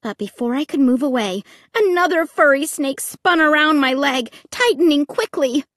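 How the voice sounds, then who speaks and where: A woman narrating a first-person audiobook in a dramatic, expressive reading that breaks into shrieks. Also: high voice, moderate pace, no echo, clean studio sound.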